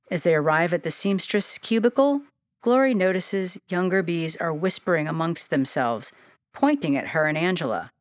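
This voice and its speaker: A woman reading a storybook aloud as its narrator, with a gentle, descriptive manner. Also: fairly low pitch, no room sound, studio quality.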